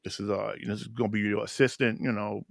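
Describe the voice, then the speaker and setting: A man's voice: fairly low pitch, level tone, quick pace, creaky, no room sound, clean studio sound. A man co-hosting a podcast, recapping a TV episode in casual, rambling chat full of restarts. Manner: rambling, many restarts and fillers. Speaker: podcast co-host.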